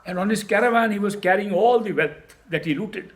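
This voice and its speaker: Spiritual teacher, male, high-pitched, emphatic discourse that circles back on repeated words. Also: brisk. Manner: emphatic, repeats key words, poses rhetorical questions.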